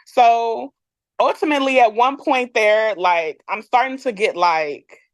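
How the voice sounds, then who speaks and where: A woman guest on a podcast telling a personal story in a candid, animated way, often laughing and using fillers. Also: on the high side, measured pace, no room sound. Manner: candid, animated, acts out others' lines; frequent fillers, laughs between lines.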